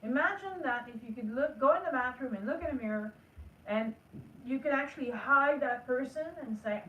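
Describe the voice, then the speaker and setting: Her high-pitched voice is bright and forceful, moving at a moderate pace through dull audio recorded from a distance in an echoey room. She is an energy work teacher giving an earnest, coaching spiritual lesson, acting out the self-talk she asks of her listeners.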